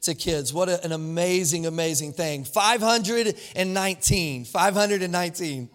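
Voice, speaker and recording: A man's voice: sits high, normal speed, fairly bright tone. A man serving as lead pastor, preaching a live church sermon in an upbeat way and asking the congregation questions. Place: church sanctuary.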